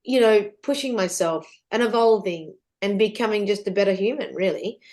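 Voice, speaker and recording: A middle-aged woman telling her life story as a podcast guest, animated and rambling, with restarts and the odd swear word. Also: mid-range voice, normal speed. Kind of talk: candid storytelling interview.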